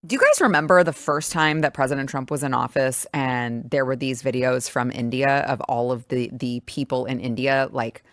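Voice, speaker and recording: A woman with a notably low voice hosts a casual talk show, chatty and quick to joke, filling pauses with ums and uhs. The sound is dry and close, with no room in it. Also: fairly even intonation, no echo. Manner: chatty, joking, filler-heavy. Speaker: show host.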